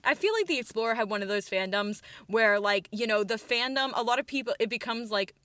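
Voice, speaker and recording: A young woman hosting a podcast, casually retelling a story with lots of "like" and quick voices for the characters. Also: a little high, lively intonation, fairly bright tone, no room sound. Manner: rambling, full of "like" and restarts, acting out characters.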